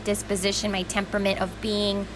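A young woman speaks softly and earnestly as a podcast guest, warm-hearted and gushing in her praise. Her voice sits at a middle pitch. Steady room noise can be heard behind her. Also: fairly quick. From Western New York. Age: young adult. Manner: gentle, earnest and effusive. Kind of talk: casual chat.

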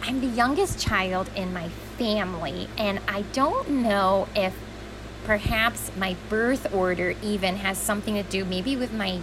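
A young woman speaks softly and earnestly as a podcast guest, warm-hearted and gushing in her praise. Her voice sits at a middle pitch. Steady room noise can be heard behind her. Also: a little slow. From Western New York. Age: young adult. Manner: gentle, earnest and effusive. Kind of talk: casual chat.

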